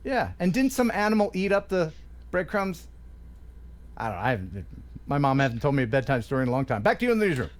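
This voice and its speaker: Animated joking man hosting a live stream. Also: mid-range voice, brisk, long pauses. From USA. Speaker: host.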